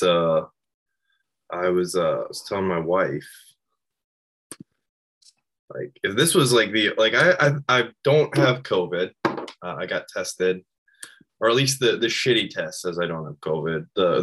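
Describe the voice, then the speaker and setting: A hoarse man in his thirties, co-hosting a podcast and rambling in casual chat with plenty of filler words. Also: lively intonation, a little slow, fairly bright tone. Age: 30s. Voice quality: low, husky voice. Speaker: podcast co-host.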